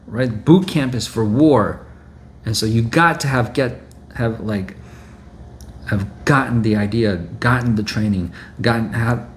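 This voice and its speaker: A man's voice: medium pitch, a little hiss or hum. A male preacher delivering an exhorting sermon, repeating phrases and often checking with a "right?".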